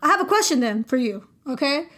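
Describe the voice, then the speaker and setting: A woman's voice: sits high, big pitch swings, fairly quick, fairly bright tone. A woman hosting a sports podcast, asking questions in a playful, teasing way. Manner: playful, questioning, laughs easily. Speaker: podcast host. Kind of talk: casual sports podcast chat.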